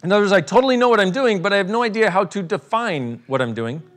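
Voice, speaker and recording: A man runs a live workshop for an audience, irreverent and playful, joking, swearing and laughing while he talks. His voice is high-pitched, animated and fairly bright, and he speaks quickly.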